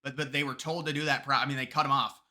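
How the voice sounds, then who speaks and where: A man giving casual, opinionated political commentary, often mocking, with quick asides and restarts. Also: medium pitch, flat delivery, pushed and bright.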